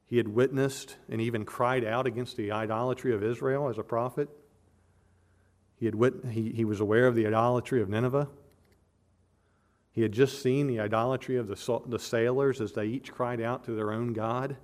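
Man, preacher, earnest sermon, emphatic, repeats words, mid-pitched voice. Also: steady tone, moderate pace, darkish tone. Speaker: pastor. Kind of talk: expository sermon.

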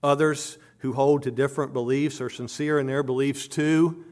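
A middle-aged man delivers a sermon in an earnest preaching manner. His pitch sits in an ordinary middle range for a man. He often stumbles into repeated words and climbs louder on his emphatic claims. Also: fairly even intonation, moderate pace, few pauses. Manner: earnest preaching with frequent word repetitions and restarts; rises in pitch and volume on emphatic points. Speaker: pastor.

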